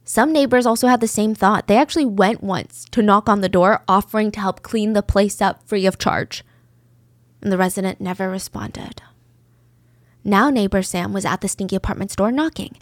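A woman's voice: medium pitch, moderate pace, no room sound, studio quality. A woman narrating a true crime story in a casual, chatty way, with conversational asides.

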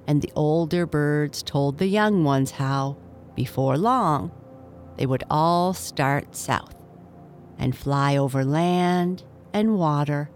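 A woman reading a children's bedtime story aloud in a gentle, measured way. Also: deep voice. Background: faint music.

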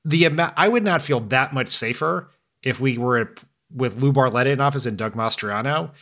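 A man co-hosting a podcast, talking politics in a fast, emphatic and animated way. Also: medium pitch. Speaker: podcast co-host. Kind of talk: casual political chat.

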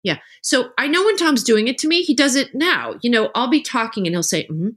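Lively, animated woman telling stories. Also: high voice, a little fast. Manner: animated storyteller, acts out quoted voices. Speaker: author and podcast guest. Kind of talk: casual conversational interview.

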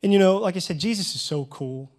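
A man preaching as a youth pastor, telling stories earnestly and emotionally, with sudden loud rises. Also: sits high, animated, fast talker. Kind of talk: preaching a sermon.

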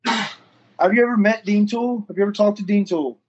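A man's voice: high voice, a little fast, noisy background. A man, telling a story in a casual interview, rambling and profane, acting out what people said. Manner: rambling, profane, acts out quoted dialogue. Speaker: fighter and firefighter, interview guest. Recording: muffled lo-fi audio.

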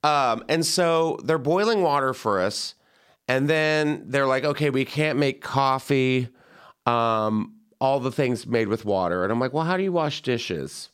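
A young man hosting a podcast, telling a story in an animated, chatty way and acting out the voices of people he quotes. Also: medium pitch, clear, resonant tone. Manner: animated, quick asides, acts out quoted voices. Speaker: podcast host. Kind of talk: casual storytelling chat.

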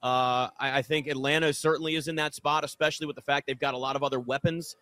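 A man's voice: medium pitch, fairly even intonation, fast talker, pushed and bright. A man hosting a sports talk radio show, making emphatic, repetitive points as he builds his case.

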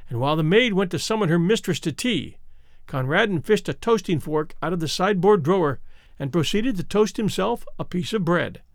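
Expressive male reader with a gravelly voice. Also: sits high, dry recording, clean studio sound. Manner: measured, expressive reading with deliberate pauses. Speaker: audiobook narrator. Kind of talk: scripted narration of classic short stories.

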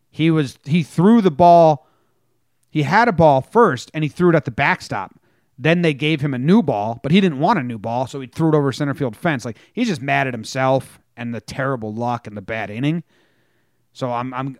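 A man's voice: medium pitch, no room sound, clean studio sound. A man co-hosting a casual sports podcast, telling stories animatedly and acting out players' lines. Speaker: podcast co-host.

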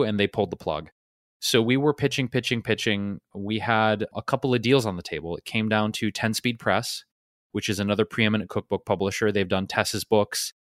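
A man co-hosting a podcast, telling a long story in a relaxed, rambling way with fillers. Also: on the low side, dry recording, clean studio sound. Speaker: podcast co-host. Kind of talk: casual storytelling.

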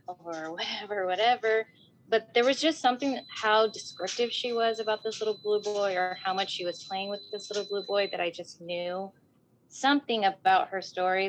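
A woman telling a personal story in casual talk, animated and often saying "like". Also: medium pitch, poor audio. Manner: animated, acts out voices in quotes, fills with "like".

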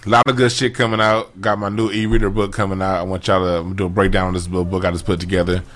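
Bright, fast-talking low-voiced man. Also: little pitch movement. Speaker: comedian. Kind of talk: casual chat.

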